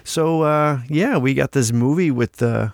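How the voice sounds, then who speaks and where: A man's voice: medium pitch, measured pace, creaky, no room sound, clean studio sound. An American man co-hosting a podcast in casual chat, joking crudely. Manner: crude, joking, puts on mock accents. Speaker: podcast co-host.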